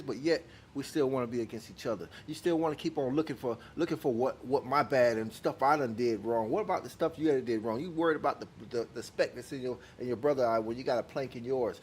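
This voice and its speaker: A man hosts his own vlog and offers casual commentary in a mid-range voice. He talks haltingly with many fillers. His delivery turns more and more emphatic as he presses his point. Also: mid-range voice, a little hiss or hum. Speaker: vlog host.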